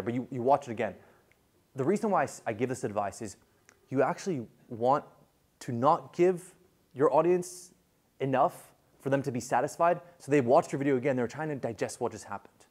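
A man lecturing a class in a casual, animated way, full of fillers and quick restarts. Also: mid-range voice.

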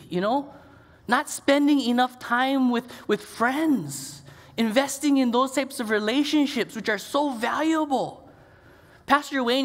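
A middle-aged man delivers a sermon in a chatty, storytelling way, full of casual asides. His voice sits fairly high for a man. A long reverb trails his words through a church sanctuary. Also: a bit bright. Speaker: pastor.

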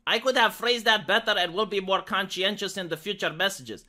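A woman's voice: medium pitch, fairly quick, bright, forceful tone, natural voice. A woman mimicking a stiff buzzword-spouting HR worker. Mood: mock formal. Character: stiff corporate HR worker, any sex, apologizing in buzzwords.

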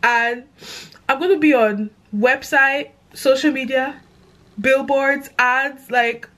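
A young woman with a London accent, chatting excitedly to camera in a casual vlog, gushing and animated. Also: sits high, slow pace. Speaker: content creator.

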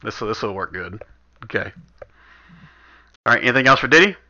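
A casual game master who thinks aloud as he narrates and moves pieces on the map. His voice is sharply bright. It comes through a muffled, lo-fi voice chat. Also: fairly low pitch, lively intonation, moderate pace. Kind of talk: running a tabletop game over voice chat. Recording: dull lo-fi voice chat audio.

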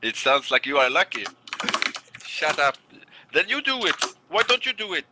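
An irritated man snaps back at a teasing rival during a game, cursing often. His pitch jumps around wildly from low grumbles to high yells. Keyboard clicks and a clear hiss sit under the voice. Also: big pitch swings, normal speed. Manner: irritated, swearing, snapping back. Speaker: pro gamer opponent. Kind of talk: heated banter during play.

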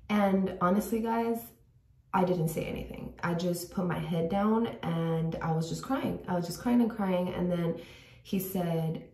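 Young woman, casual storytelling vlog, lowish voice, echoey bathroom, slightly off-mic. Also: a little fast, gravelly, warm tone, far from the mic. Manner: chatty, many "like" fillers, drops to a whisper at times. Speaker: vlogger. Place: bathroom at home. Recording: echoey room, voice a bit off-mic.

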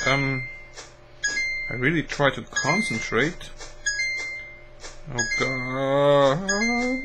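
A man with a Croatian accent, hosting a game channel and commenting as he plays, slow and musing, then bursting into excited exclamations. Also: mid-range voice, poor audio. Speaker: gaming channel host. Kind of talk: playing and commenting a mobile game. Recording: loud game music over the voice. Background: loud game music.

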